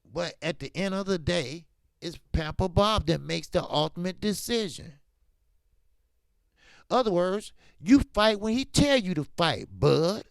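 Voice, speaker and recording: Slow gravelly man riffing on boxing. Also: high voice, dry recording, studio quality. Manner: animated, emphatic, drifts into slang. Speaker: boxing talk show host. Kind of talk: casual boxing commentary livestream.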